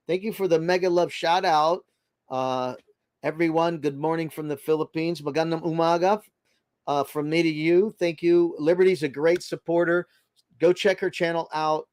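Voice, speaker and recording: A man from the Boston area with a slight Boston accent hosts a casual live stream, greeting viewers by name. His voice sits on the high side with a steady, slightly mellow tone at a moderate pace, and the recording has no room sound. He rambles, leaning heavily on filler words.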